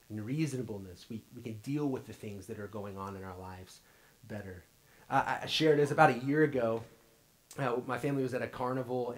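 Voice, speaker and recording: A man in his thirties giving a sermon in a church. He tells a family story in an earnest way, often repeats his first words, and swings between loud and hushed. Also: mid-range voice, low-quality recording. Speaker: pastor. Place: church sanctuary.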